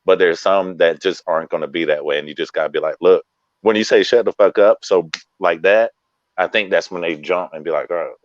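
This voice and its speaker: A man's voice: low voice, steady tone, fairly quick, no echo, dull audio. A man telling stage stories in casual chat as a guest comedian, laid-back and acting out quoted lines, heard over a video call.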